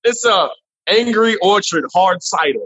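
A man, a comedian guest, chatting casually and profanely in an animated interview. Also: high-pitched, measured pace, breathy edge. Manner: animated, profane, jumps into voices. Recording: dull lo-fi remote line.

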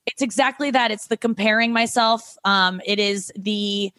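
A woman's voice: mid-range voice, fairly even intonation, normal speed, a bit bright, no echo, studio quality. A woman comedian talking as a podcast guest, rambling and self-critical with lots of restarts. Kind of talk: casual podcast chat.

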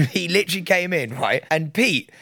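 A man's voice: on the high side, moderate pace, gravelly. A young man co-hosting a podcast, telling stories in casual banter and laughing often. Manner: animated storytelling with frequent laughs. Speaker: podcast co-host.

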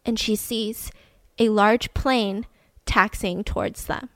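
A young woman telling a true story casually, animated and slangy, swinging between loud and hushed. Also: medium pitch, takes it slowly, no room sound. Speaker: podcast storyteller.

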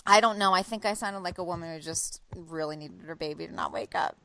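A woman in her thirties telling a story as a podcast co-host, animated and swearing, acting out what she said. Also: lowish voice, brisk, a crowd in the background. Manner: animated, swearing, acts out quotes. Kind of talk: casual storytelling chat.

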